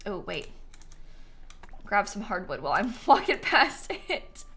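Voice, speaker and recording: A woman's voice: medium pitch, sing-song, unhurried, bright, forceful tone. A young woman streaming a video game live, chatting casually and reading quest text aloud. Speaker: gaming streamer.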